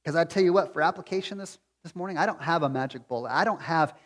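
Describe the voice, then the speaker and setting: High-voiced pastor preaching in a reverberant hall. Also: male voice, fast. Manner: swings from hushed to near-shouting pleading. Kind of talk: sermon. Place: church sanctuary.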